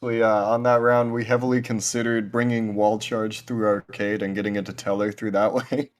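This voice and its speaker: A man's voice: lowish voice, little pitch movement, brisk. A man, an esports player, casually explaining his team's tactics in a post-match interview.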